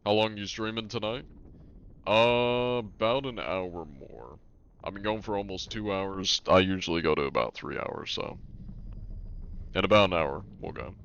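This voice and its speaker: A man's voice: low voice, normal speed, vocal fry, fairly bright tone, smooth, dull audio. A man streaming a game live, chatting casually and reading out his chat, laid-back and chuckling.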